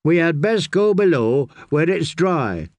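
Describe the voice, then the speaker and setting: A man's voice: a little high, very animated, a little slow, dry recording, pitched above the performer's own voice. A man voicing a timid, kindly young male steward who speaks earnestly and pleadingly. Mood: urgent.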